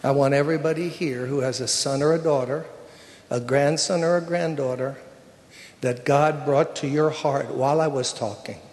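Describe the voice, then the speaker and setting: An older man giving a sermon with a personal testimony, telling the story in an emotional, conversational way that drops to a hush at times. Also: a little high, steady tone, normal speed, big-room sound. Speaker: preacher. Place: church sanctuary.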